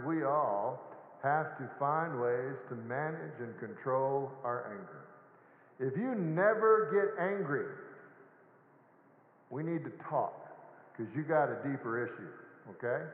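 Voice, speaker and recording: A man preaching a sermon as pastor in a conversational way, telling jokes and acting out short asides. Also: fairly high pitch. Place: large church sanctuary. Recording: echoey hall on a tinny lo-fi line.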